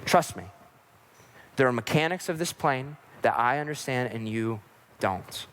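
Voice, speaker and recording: A man voicing a calm, gentle airplane pilot who talks softly and reassuringly. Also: medium pitch, unhurried, a little hiss or hum, pitched below the performer's own voice. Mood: calm urgent.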